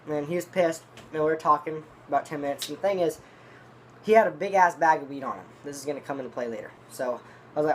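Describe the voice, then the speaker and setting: A man's voice: on the high side, fast talker, slight background noise. A man telling a long, rambling story in casual, profanity-laden talk, reviewing dip tobacco. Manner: rambling, profane, restarts often.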